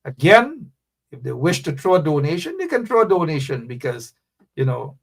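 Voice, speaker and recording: A male host with a fairly high, creaky, husky voice runs a live political talk radio show at normal speed. He reads out what viewers wrote, calls out names, and urges his audience with emphatic repeated phrases, sounding animated and preachy.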